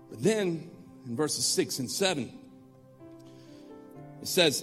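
A man preaching a sermon as a pastor, animated and acting out the story. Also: fairly high pitch, unhurried, pauses often, in a large hall, soft background music.

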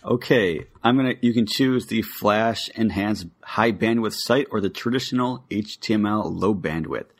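A man's voice: lowish voice, normal speed, hardly any pauses. A young adult man co-hosting a podcast, chatting with opinionated, eager enthusiasm. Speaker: podcast co-host. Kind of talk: casual podcast chat.

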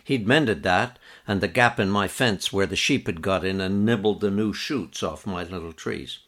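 A man narrating a memoir in an even, measured storytelling manner. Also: deep voice. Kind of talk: reading a memoir aloud.

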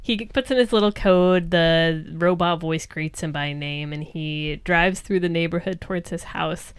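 A woman's voice: fairly low pitch, unhurried, clean tone, no room sound. A woman co-hosting a podcast, recapping a TV episode in casual chat and laughing as she talks. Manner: chatty, laughs through her recaps. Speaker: podcast co-host.

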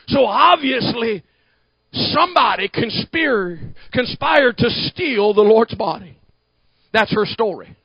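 High-voiced preacher, dry lo-fi sound. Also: male voice, lively intonation, takes it slowly, pauses often, breathy edge, no echo. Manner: rising to shouted emphasis, talking to the congregation. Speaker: pastor. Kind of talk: sermon.

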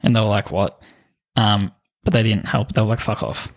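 A man's voice: fairly low pitch, fairly even intonation, normal speed. A man co-hosting a podcast, telling stories in casual chat with lots of laughing and swearing. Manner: giggly, swears often. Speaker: podcast co-host.

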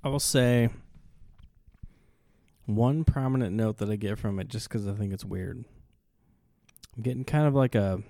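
A man co-hosting a casual whiskey tasting podcast, easygoing and quick to laugh. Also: on the low side, creaky, warm tone, no room sound, studio quality. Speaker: podcast co-host.

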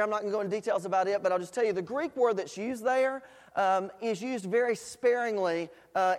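A man's voice: high-pitched, long reverb tail. A man preaching a sermon to a church congregation, in a conversational style full of fillers, rising to emphatic questions. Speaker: pastor. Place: church sanctuary.

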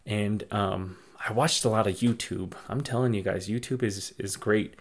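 A man's voice: lowish voice, steady tone, moderate pace. A young man hosting a podcast, giving casual, encouraging life advice with many fillers and restarts. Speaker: podcast host. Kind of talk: casual motivational talk.

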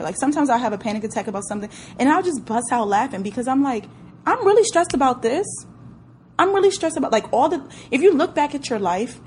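A woman's voice: fairly high pitch, mellow, a little hiss or hum. A young woman talking casually to her listeners, candid and brash, swearing freely and reacting with emotion. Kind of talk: casual solo talk to listeners.

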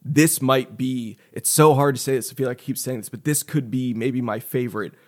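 A man talks through a classic film with friends in an easy, lively way. He laughs as he tells behind-the-scenes stories and keeps the chat moving. His voice sits at an ordinary middle pitch. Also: brisk. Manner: animated, laughs while retelling stories. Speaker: podcast co-host. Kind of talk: casual film discussion.

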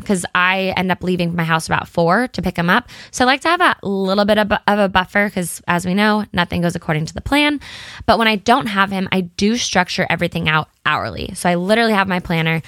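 A woman's voice: fairly low pitch, pushed and bright, no room sound. Chatty woman, dry close sound. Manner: chatty, candid, with many fillers and self-quotes. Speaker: podcast host and blogger. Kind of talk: casual solo chat.

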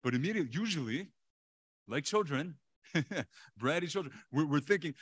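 A male pastor preaching a sermon in an animated way, chuckling often and repeating words for emphasis. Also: a little high, moderate pace, breathy edge, dry recording.

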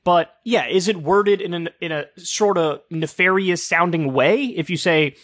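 A man's voice: high voice, a little slow, fairly bright tone, no room sound, clean studio sound. A man in his thirties from the United States hosting a solo political commentary show in a casual, sarcastic, profane way with many fillers.

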